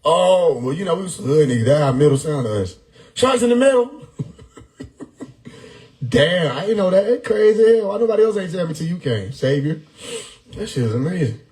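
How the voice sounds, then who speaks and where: A man hosting a live stream, riffing loudly on chat comments with frequent laughter and profanity. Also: fairly high pitch, animated, moderate pace, long pauses, low-quality recording. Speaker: livestream host reading chat. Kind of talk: casual livestream chat. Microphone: phone or desktop mic on a live stream.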